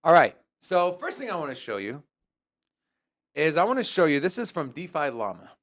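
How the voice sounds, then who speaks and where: A man's voice: fairly high pitch, normal speed. A man hosting a crypto news show, joking with his co-host and then walking through charts in a casual way. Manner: joking, animated, teasing banter. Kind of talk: casual chat and chart analysis.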